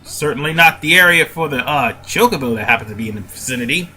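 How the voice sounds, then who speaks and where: A man's voice: fairly high pitch, lively intonation, quick pace, pushed and bright, faint music behind. A man with a stuffy nose giving casual gameplay commentary as a let's play host. He rambles and often stops to correct himself.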